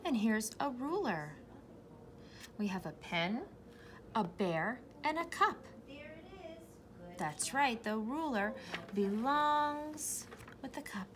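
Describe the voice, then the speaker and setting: A young woman who teaches preschool reads a picture book aloud to young children. Her voice is bright and sing-song, rising and falling a lot. She speaks slowly and encouragingly. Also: on the high side, animated, a little hiss or hum.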